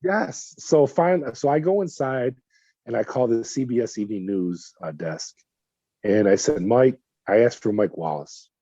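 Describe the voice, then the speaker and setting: A middle-aged man from California recounts his past in an interview, slipping into quoted dialogue and stumbling over repeated words. His voice is dark and husky. The recording is dry and a little muffled. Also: mid-range voice, animated, moderate pace, dry recording. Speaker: whistleblower guest. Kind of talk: conversational storytelling interview.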